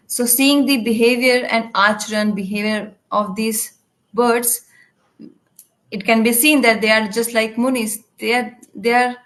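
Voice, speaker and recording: Woman with a slightly high voice, live interpreter for a spiritual class, halting delivery with restarts. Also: rough recording. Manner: halting, with frequent restarts and fillers. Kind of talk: live translation of a devotional lecture.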